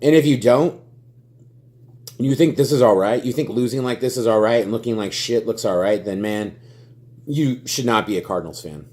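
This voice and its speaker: Young male fan vlogger, angry profane rant, mid-pitched voice, stammering repeats. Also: moderate pace, darkish tone. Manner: furious, profane, ranting with heavy swearing; stammers and repeats words when worked up.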